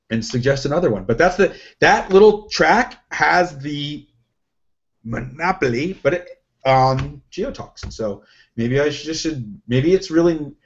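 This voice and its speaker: Male co-host, rambling and self-questioning, pitched a bit high, muffled lo-fi audio. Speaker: podcast co-host. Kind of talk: casual chat. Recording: lo-fi, dull sound.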